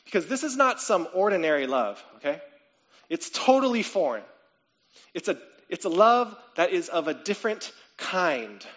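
A male pastor delivers a sermon in an easy, conversational way, peppering it with "okay?" and "right?". His voice sits a little high and climbs when he asks questions. The recording is muffled and lo-fi. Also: normal speed. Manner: conversational, frequent "okay?" and "right?" check-ins; animated, rising to excited questions.

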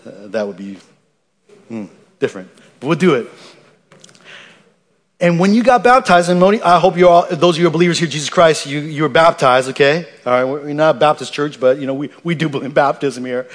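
A man's voice: a little high, animated, fairly quick. Earnest man preaching a sermon. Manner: earnest, emphatic, with frequent restarts. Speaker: pastor.

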